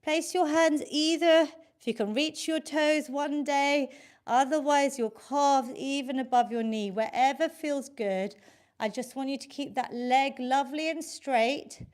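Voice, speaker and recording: A woman's voice: sits high, a little slow, a little mellow. A woman fitness instructor leading a live online workout class, encouraging and counting reps aloud, slightly out of breath.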